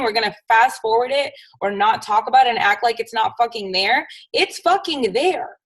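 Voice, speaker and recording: A woman's voice: fairly high pitch, low-quality recording. Fired-up, profane young woman ranting. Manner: angry, profane, emphatic. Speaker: podcast host. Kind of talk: solo podcast rant.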